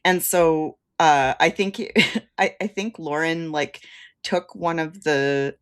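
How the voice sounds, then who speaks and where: A woman's voice: sits low, slow, clean tone. A woman co-hosting a casual TV recap podcast, chatting with laughter and dramatic quote readings. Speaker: podcast co-host.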